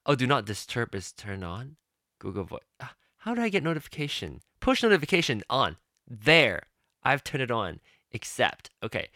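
A man's voice: mid-range voice, moderate pace, no echo, clean studio sound. A man hosting his own podcast in casual solo chat, rambling and apologetic, often stopping himself mid-sentence with fillers. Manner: chatty and animated. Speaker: podcast host.

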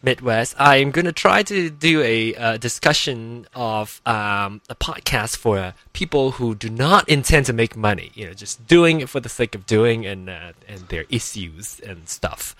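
Chatty man host, bright and lively. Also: mid-range voice, measured pace, hardly any pauses, no echo. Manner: chatty, jokey, distracted. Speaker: podcast host. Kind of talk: live podcast chat.

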